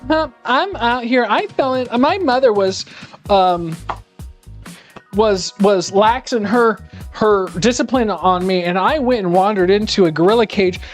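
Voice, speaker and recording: A man mimicking a smug young man who drawls through his own story in a slow, self-pitying tone. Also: high-pitched, soft background music. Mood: mocking.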